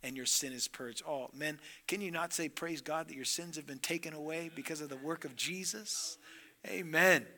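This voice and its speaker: A man preaching a sermon to a men's gathering, moving between hushed, drawn-out lines and loud, emphatic passages as he acts out scripture dialogue. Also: fairly high pitch.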